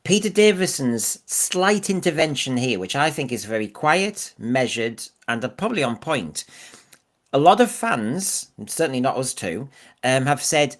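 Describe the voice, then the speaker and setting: A man's voice: medium pitch, big pitch swings, measured pace. A man co-hosting a podcast, opinionated and fond of rhetorical questions in casual discussion. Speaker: podcast co-host.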